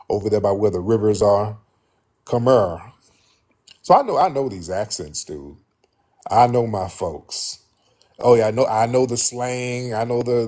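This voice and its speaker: A man hosting a show, talking straight to his listeners in a blunt, animated way and often repeating himself. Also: lowish voice. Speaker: host. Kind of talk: casual monologue to listeners.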